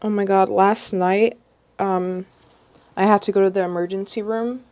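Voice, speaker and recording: A woman's voice: medium pitch, steady tone, moderate pace, darkish tone. A young woman vlogger chatting casually on a livestream, rambling with many ums and restarts.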